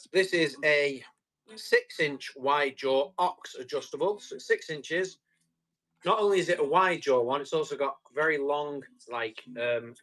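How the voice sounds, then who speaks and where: A man's voice: mid-range voice, a bit bright. A man running a live tool auction, chatty and jokey with viewers. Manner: chatty, jokey salesman patter.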